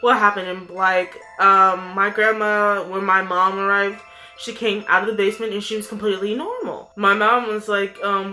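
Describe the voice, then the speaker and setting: A woman's voice: medium pitch, fairly even intonation, normal speed, sharp tone, soft background music. A young woman vlogger telling a story casually, rambling with plenty of fillers.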